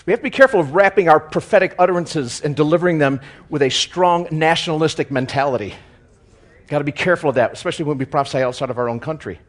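A man preaching a sermon, swinging between loud emphasis and quiet joking asides, chuckling at his own lines. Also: a little high.

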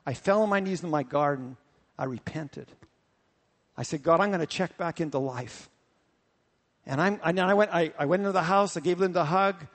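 Pastor preaching, high and animated, long echo of a large hall. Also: male voice, fairly quick. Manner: animated storytelling, repetitive. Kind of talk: sermon.

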